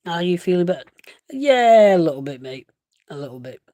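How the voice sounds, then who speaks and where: A young male vlogger with a high, very animated voice chats at an unhurried pace, recorded clean in a studio with no echo. He rambles and corrects himself, stops now and then for a chesty cough, and keeps calling the listener "mate."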